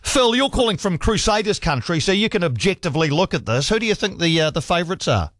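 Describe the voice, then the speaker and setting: A chatty New man hosting sports talkback on radio, his voice sitting a little high. The studio sound is close and dry, with no room around him. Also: big pitch swings, fast, a bit bright, no echo. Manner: chatty, laughs with callers. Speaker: radio sports talk host.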